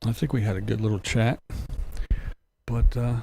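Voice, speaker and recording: A man's voice: on the low side, fairly even intonation, moderate pace, vocal fry, warm tone, a little hiss or hum. A man hosting a casual livestream, reading comments aloud and ranting bluntly with profanity and chuckles. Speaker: livestream host.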